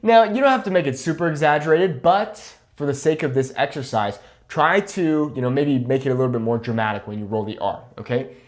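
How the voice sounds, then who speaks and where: A patient, encouraging young man leads an online Spanish pronunciation lesson in a mid-range voice. He asks "okay?" after each point and demonstrates words slowly.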